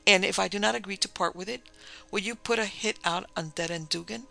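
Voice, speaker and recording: A man's voice: sits high, brisk, gravelly, sharp tone, faint music behind, pitched above the performer's own voice, full character voice. A man voicing a menacing reptilian female creature with an icy, smug manner, read in a storybook. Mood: cold.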